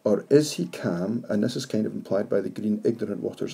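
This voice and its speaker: A man's voice: lowish voice, brisk, vocal fry, mellow, slightly rough. A man, teaching poetry analysis to his class, reflective and posing questions to his students.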